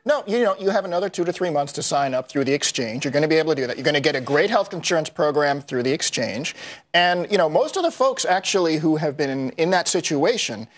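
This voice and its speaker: A man's voice: a little high, animated. A man appearing as a guest on a TV panel, eagerly arguing his side. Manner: eager, rapid advocacy. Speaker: radio host as guest. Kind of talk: TV panel debate.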